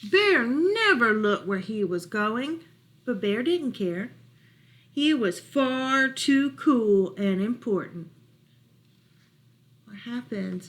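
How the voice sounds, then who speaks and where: A woman librarian reading a picture book aloud to children, expressive and stopping to ask about the pictures. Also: fairly high pitch, slight background noise.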